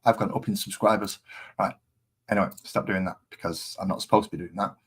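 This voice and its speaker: A man's voice: low voice, steady tone, fast talker, breathy edge. A man casually chatting on a live stream while painting models, rambling and easily distracted.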